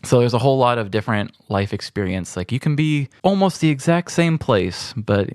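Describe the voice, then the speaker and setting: A man co-hosting a podcast, telling a story in a wry, deadpan way. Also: mid-range voice, brisk, clear, resonant tone, dry recording, studio quality. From grew up on a farm. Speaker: podcast co-host. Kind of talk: casual storytelling chat.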